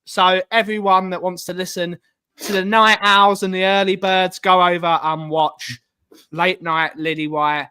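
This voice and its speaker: A man's voice: sits high, flat delivery, unhurried, pushed and bright, clean tone, no echo. A man hosting a podcast in casual, chatty and upbeat talk. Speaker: podcast host. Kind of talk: casual chat.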